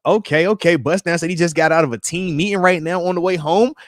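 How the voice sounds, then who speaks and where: A man's voice: on the high side, fast, dry recording, clean studio sound. A man in his thirties from the United States hosting a live stream, chatting loosely and reading out viewer comments with slangy hype. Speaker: podcast host.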